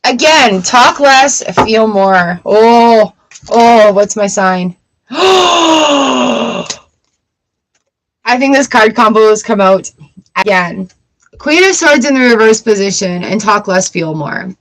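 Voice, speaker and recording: A young woman reads tarot on a live stream and chats between cards. Her voice sits a little high, and she tells her stories with lively energy and plenty of laughs. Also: measured pace, rough recording. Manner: animated storyteller, laughs often. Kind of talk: casual live-stream chat.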